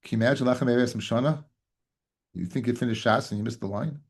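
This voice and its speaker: A male rabbi leads a daily Talmud class in a husky voice at a middle pitch. He keeps quizzing his listeners with rhetorical questions and repeats phrases for emphasis. He calls them "guys" and mixes Hebrew and Yiddish terms into his English. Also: fast talker.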